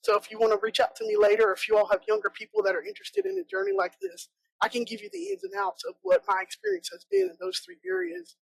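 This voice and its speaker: A woman's voice: extremely high pitch, quick pace, creaky, no echo, low-quality recording. A woman from South Georgia with a Southern American accent, giving a chatty, joking conference talk as a bee inspector. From South Georgia, USA. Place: conference room.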